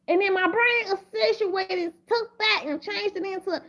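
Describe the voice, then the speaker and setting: Woman vlogger, high voice, loose profane rambling commentary, dull lo-fi audio. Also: normal speed, hardly any pauses. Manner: profane, rambling, with lots of repeated restarts. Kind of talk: casual drama commentary.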